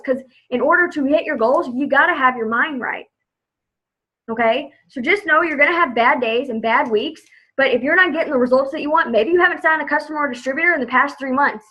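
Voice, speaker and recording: Woman, team leader, chatty motivational live video; sharp, bright tone, lo-fi sound. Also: high voice, husky. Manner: chatty, upbeat, says "like" a lot. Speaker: direct sales team leader.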